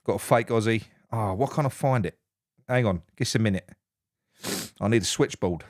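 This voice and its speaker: A man hosting a live football reaction, excitable and sweary, shouting with delight. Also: on the low side, moderate pace, no room sound, studio quality. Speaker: fan channel host. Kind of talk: live post-match reaction chat.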